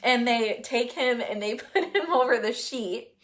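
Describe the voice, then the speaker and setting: A woman's voice: a little high, expressive, measured pace, slight background noise. Chatty young woman telling a story. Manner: candid, chatty storytelling with many fillers; gets emotional, laughing and crying. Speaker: vlogger. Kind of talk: casual chat.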